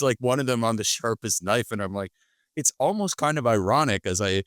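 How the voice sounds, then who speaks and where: A man hosting a podcast, chatting in a relaxed, casual way. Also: mid-range voice, fairly quick, no echo, clean studio sound. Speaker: podcast host. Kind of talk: casual interview chat.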